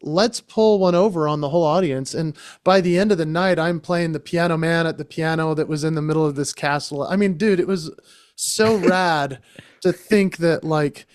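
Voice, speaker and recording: A man's voice: fairly high pitch, fairly even intonation, normal speed, clean tone, dry recording. A man telling an enthusiastic story as a podcast guest, talking casually into a close microphone. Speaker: guest, entertainer and speaker.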